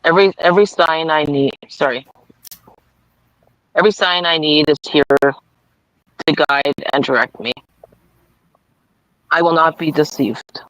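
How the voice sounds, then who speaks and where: A man co-hosting a casual live stream, reading card affirmations aloud at a deliberate pace and apologizing for small slips. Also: on the high side, fairly bright tone, no room sound, rough recording. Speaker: livestream co-host reading cards.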